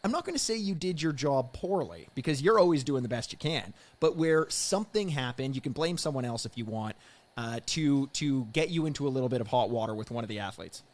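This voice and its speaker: Male podcast host, mid-pitched, casual, teasing, rambling questions. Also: expressive, fairly quick, darkish tone. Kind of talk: casual interview.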